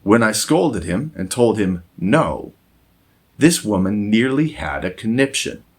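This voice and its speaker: Slow, deep-voiced man narrating. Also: sing-song. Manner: measured, moralizing, deliberate. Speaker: essayist and former English teacher. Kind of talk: scripted narration.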